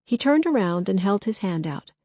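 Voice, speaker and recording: A woman narrating a novel as an audiobook, steady and measured. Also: mid-range voice, no room sound, studio quality. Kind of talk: scripted narration.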